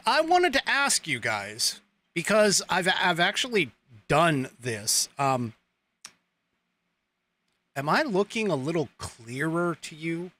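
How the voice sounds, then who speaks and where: A man's voice: fairly high pitch, bright, forceful tone. A man hosting his political livestream show, chatting casually with his viewers in a rambling way, with lots of fillers and chuckles.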